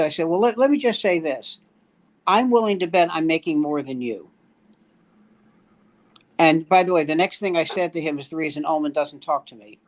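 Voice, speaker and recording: An older man, a veteran stand-up comedian, telling a story in casual chat and acting out the lines of the people in it. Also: a little high. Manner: acts out quoted dialogue in the story.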